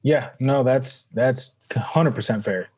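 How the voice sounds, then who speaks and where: A man guest on a podcast, calmly explaining a hands-on technique and demonstrating sounds. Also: mid-range voice, unhurried, husky. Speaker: guest, goose calling champion. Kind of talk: casual interview answers.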